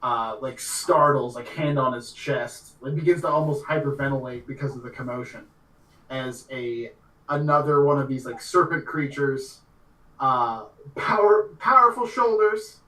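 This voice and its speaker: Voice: mid-range voice, moderate pace, fairly bright tone. A game master narrating a tabletop game casually, with lots of fillers. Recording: echoey room.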